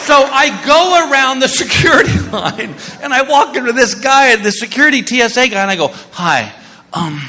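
A man doing stand-up comedy and telling an exasperated story in an animated way on a stage in a large hall. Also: extremely high pitch, normal speed, some chatter behind.

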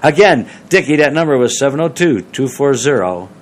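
A man's voice: mid-range voice, big pitch swings, brisk, a little hiss or hum. A man hosting a radio show, reading sponsor plugs in a loose, rambling way with many fillers. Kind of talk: casual radio talk and sponsor reads.

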